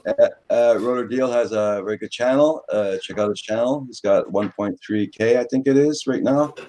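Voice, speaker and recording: A man at a middle pitch running a casual live chat. He welcomes newcomers and reads viewers' names aloud in an easy, conversational way. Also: moderate pace, warm tone. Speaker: host.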